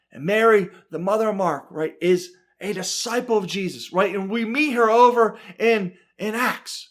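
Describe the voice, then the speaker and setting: A man teaching a Bible study from the pulpit, reading scripture with dramatic emphasis and constantly checking in with "right?". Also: extremely high pitch. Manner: animated, keeps adding "right?", reads scripture with dramatic emphasis. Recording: church broadcast.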